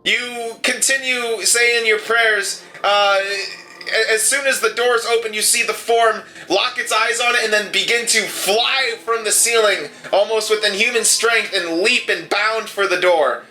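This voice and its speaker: Male game master, high voice, sharp and bright, narrates horror with soft music under. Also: steady tone, a little slow, a little hiss or hum, low-quality recording. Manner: hesitant, many fillers and restarts in rules talk.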